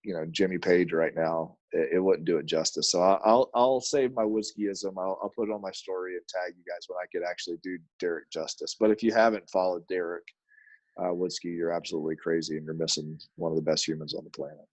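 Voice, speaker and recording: A man talking as a podcast guest in casual chat, animated, laughing often and restarting his sentences. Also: deep voice, brisk, no room sound.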